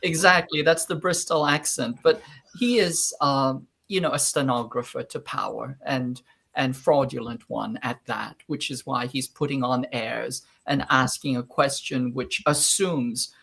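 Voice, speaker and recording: A man giving sardonic, measured political commentary as a panel guest, with frequent fillers. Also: mid-range voice, steady tone, gravelly, a bit bright, slightly rough.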